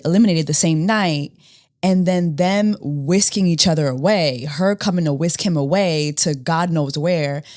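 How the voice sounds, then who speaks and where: A woman's voice: on the low side, darkish tone. A woman hosting a casual review of a reality show episode, dramatic and playful, often repeating phrases for comic effect. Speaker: reality TV recap host.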